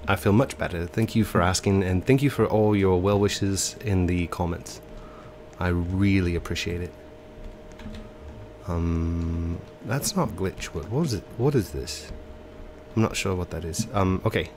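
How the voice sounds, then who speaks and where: A man's voice: sits low, unhurried, a little mellow, a little hiss or hum. A man with a stuffy, congested nose, commentating a video game in a put-on English accent and hesitating with ums and self-corrections. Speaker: let's play host.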